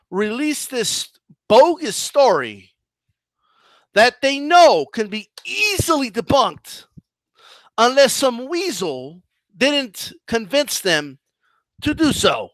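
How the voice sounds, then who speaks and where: Man streamer, lively and bright-toned, unhurried mocking rant, dry close sound. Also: extremely high pitch, no echo. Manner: animated, mocking, combative rant with restarts. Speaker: boxing commentary channel host. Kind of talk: live-stream commentary reading chat.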